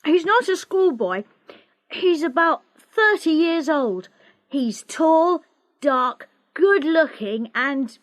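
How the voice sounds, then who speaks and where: A woman's voice: sits high, sing-song, measured pace, voice pushed up. A woman voicing a cheeky teasing teenage boy. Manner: playful teasing.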